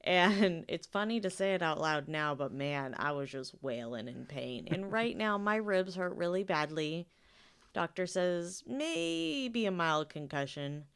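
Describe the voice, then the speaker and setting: Woman co-host, tired, self-mocking chat, smooth low-ish voice. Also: expressive, a little slow, fairly bright tone. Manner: laughs often, self-mocking. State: tired after a fall. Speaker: podcast co-host. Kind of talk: casual chat. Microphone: headphones, one ear on.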